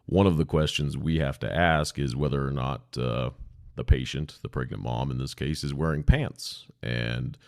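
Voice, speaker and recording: A man's voice: very deep voice, steady tone, moderate pace, creaky, a little mellow, no echo, studio quality. A man hosting a podcast, telling stories about past emergency calls in a casual, blunt way with some swearing. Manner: blunt, profane, laid-back. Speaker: podcast host, former emergency dispatcher. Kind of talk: casual anecdotal storytelling. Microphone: podcast microphone.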